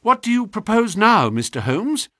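An earnest young gentleman, recovering from illness, speaks eagerly with a lively, rising voice, voiced by a man reading the tale. It is recorded close and dry. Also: high-pitched, moderate pace, no echo, pitched above the performer's own voice, heavily acted.

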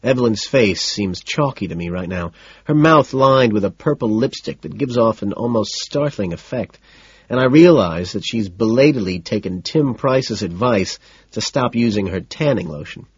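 Guy reading an audiobook deadpan, low husky voice, dry dull lo-fi recording. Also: moderate pace, no echo. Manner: deadpan, matter-of-fact. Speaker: audiobook narrator. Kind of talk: first-person audiobook narration.

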